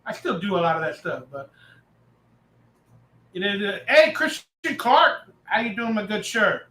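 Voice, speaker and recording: A man hosting a casual live reaction stream, talking loudly and excitably, reading and answering chat messages as he goes. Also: high-pitched, measured pace, reverberant, rough recording. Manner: loud, excitable, reads chat aloud.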